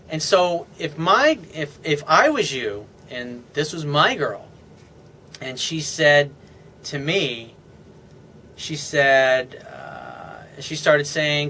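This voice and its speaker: A man's voice: on the high side, animated, takes it slowly, bright, forceful tone, a little hiss or hum. A man giving casual, unscripted dating advice as a relationship coach, speaking bluntly and swearing freely. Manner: blunt and profane, talks straight to the listener.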